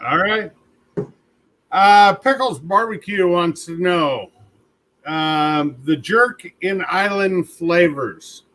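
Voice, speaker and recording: A man's voice: high voice, takes it slowly, a bit bright. A man hosting a live barbecue chat, reading viewer questions in an easygoing way. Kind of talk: casual live-stream chat.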